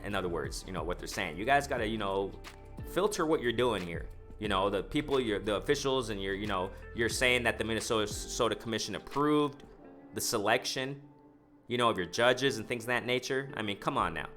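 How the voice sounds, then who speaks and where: A lowish-voiced man talks through the latest boxing news in a loose, slangy way. He keeps breaking off from the article to react, calling out to the viewers. Faint music plays underneath. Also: normal speed. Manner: excited, animated, talks to the viewers as "ladies and gentlemen"; slangy, full of fillers like "you know" and "man". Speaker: boxing commentary vlogger. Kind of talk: casual reaction commentary, reading a news article aloud.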